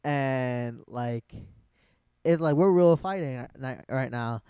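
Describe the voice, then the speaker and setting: A man casually telling a long personal story, rambling with lots of fillers and plenty of swearing, growing animated at the peaks. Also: medium pitch, slow, clean tone, no echo. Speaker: vlogger.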